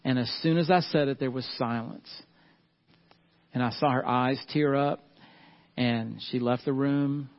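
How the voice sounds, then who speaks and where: A middle-aged pastor with a mid-range, steady voice preaches unhurriedly, pausing often, in a casual storytelling sermon at church. He chuckles a lot and calls the congregation "y'all," and the recording is slightly muffled.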